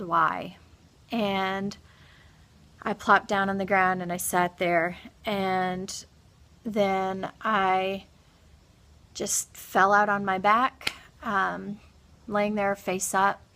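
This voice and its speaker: A grieving woman recounting a personal experience in a halting, soft-spoken monologue full of pauses and restarts. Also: medium pitch. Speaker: vlogger.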